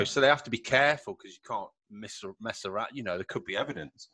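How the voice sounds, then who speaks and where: A man hosting a podcast in a chatty, jokey way and laughing loudly. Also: lowish voice, quick pace, slightly rough, dry recording. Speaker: podcast host. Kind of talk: casual podcast chat.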